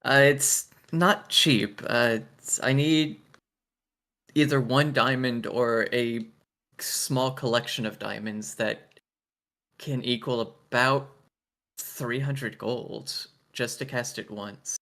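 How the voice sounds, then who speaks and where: A man voicing a small, adorable cleric in a tabletop game, speaking hesitantly with many pauses. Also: mid-range voice, steady tone, sharp tone. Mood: cautious. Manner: hesitant, hedging, lots of uh.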